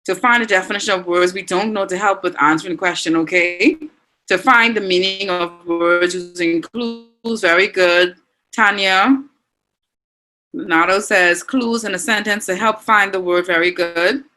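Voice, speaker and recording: Reading students' chat answers aloud and praising them, a Bahamian-accented woman leads an online language lesson in an encouraging way. She speaks at a moderate pace in a medium pitch, her tone pushed and bright.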